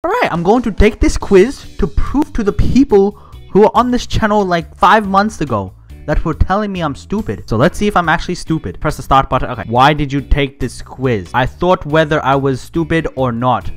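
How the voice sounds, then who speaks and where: A young man hosting his gaming channel, giving rambling, excitable commentary while he plays and often yells at the game. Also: high-pitched, fairly quick, faint music behind.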